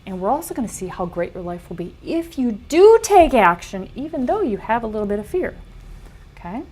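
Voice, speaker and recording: A woman's voice: a little high, brisk, husky. A middle-aged woman coaching a live online workshop, blunt and emphatic, swearing freely as she reads back what attendees type. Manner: animated, quoting attendees' typed answers back.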